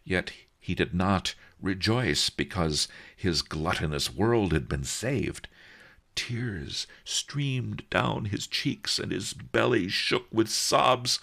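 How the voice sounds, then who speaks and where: A man giving an expressive first-person audiobook narration. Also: deep voice, takes it slowly, gravelly.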